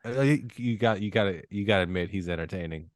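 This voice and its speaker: A man with a low voice rambles through casual podcast banter, swearing freely as he talks. The sound is dry and close. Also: fast talker, no echo. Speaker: podcast co-host.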